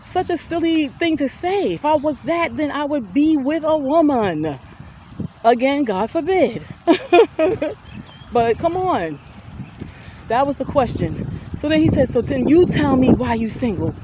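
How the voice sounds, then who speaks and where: A middle-aged woman talks to her viewers into a phone held at arm's length, chatty and quick to laugh, then earnest and soft. She sounds a little out of breath, and her voice sits fairly high. Clear traffic noise runs behind her. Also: very animated, rough recording. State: out of breath and sweaty. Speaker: vlogger. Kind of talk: personal storytelling to viewers.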